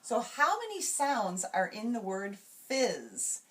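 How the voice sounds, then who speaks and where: Slow, careful woman teacher trainer. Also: mid-range voice, wildly swooping pitch, a bit bright. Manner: slow, careful, modeling sounds aloud. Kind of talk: instructional explanation of classroom routines.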